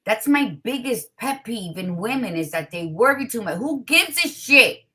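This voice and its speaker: A woman hosting a casual talk show, blunt and expressive, with a tired morning voice, dropping in Spanish greetings. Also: on the high side, moderate pace. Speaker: podcast host. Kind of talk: casual chat.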